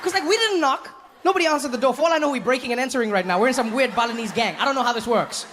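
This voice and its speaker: A man's voice: very high voice, rapid-fire, big-room sound, noisy background. A man from Africa telling a long funny story on stage and jumping into voices as he goes. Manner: animated storytelling with frequent voice act-outs. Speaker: stand-up comedian. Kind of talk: stand-up storytelling. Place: comedy club stage.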